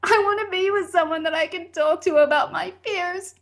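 A woman's voice: very high-pitched, normal speed, a bit bright. A woman on a casual podcast who reads a personal ad aloud, stumbling over the text and laughing at her own slips.

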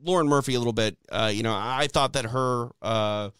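A young man co-hosting a combat sports podcast, chatting casually through the night's results. His voice is smooth and resonant, recorded close in a dry space with no room sound. He leans on fillers and restarts as he talks. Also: mid-range voice, a little fast, fairly bright tone, no echo. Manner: chatty, frequent "uh" and "you know" fillers. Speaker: podcast host.

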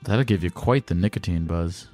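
A man's voice: low-pitched, normal speed, darkish tone, soft background music. A male call-in host who chats casually and cracks crude jokes. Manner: crude, joking banter.

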